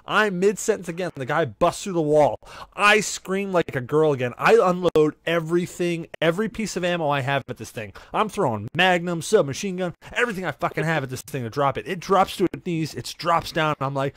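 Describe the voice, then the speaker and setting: A man hosts a casual podcast, telling a story with big swings of pitch and acted-out reactions. His voice sits a little high and is caught dry and close on the mic. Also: fairly quick, no echo. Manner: animated, swearing, acts out his own reactions. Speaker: podcast host.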